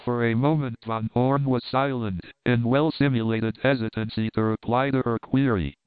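A man narrating an audiobook in a steady, formal reading style. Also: mid-range voice, moderate pace, clean tone, dry recording. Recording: narrow phone-like band.

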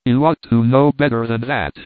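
A man's voice: mid-range voice, steady tone, normal speed, no room sound, lightly acted. A man doing an insinuating, scolding ship owner. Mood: admonishing. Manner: insinuating, admonishing. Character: smooth, insinuating ship's owner. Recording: dry, tinny phone-like sound.

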